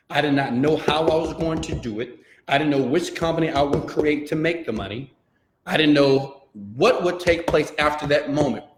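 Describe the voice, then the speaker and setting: A man's voice: on the high side, roomy sound. A man from Houston tells a dramatic personal story as a motivational speaker, acting out the dialogue and turning to the audience with direct questions. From Houston, Texas.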